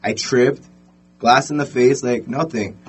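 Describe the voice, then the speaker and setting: A man's voice: mid-range voice, steady tone, measured pace, husky, faint music behind. A man doing a scheming drunk husband. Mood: defensive. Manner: pleading, then smug.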